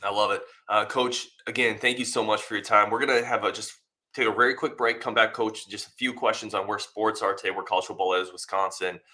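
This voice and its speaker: A man's voice: lowish voice, fairly even intonation, a little fast, sharp tone. A man hosting a sports podcast interview over a video call, asking questions politely and thanking his guest effusively. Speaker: podcast host.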